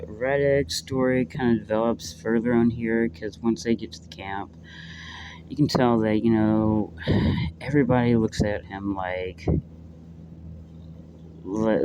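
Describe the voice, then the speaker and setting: Rambling, swearing man with background noise. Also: on the low side. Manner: rambling, filler-heavy, swears freely, gets worked up. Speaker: book reviewer. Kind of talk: casual spoken book review.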